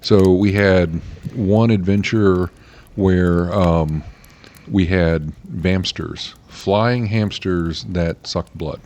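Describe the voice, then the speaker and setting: A man's voice: deep voice, steady tone, extremely slow, a little mellow, slight background noise. A man from the States, co-hosting a casual chat about tabletop games and rambling with many fillers. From Southern United States. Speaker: podcast co-host, dungeon master.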